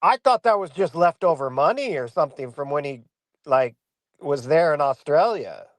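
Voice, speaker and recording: A man's voice: a little high, lively intonation, normal speed, dry recording. A man from the United States chatting casually on a livestream, explaining his view conversationally.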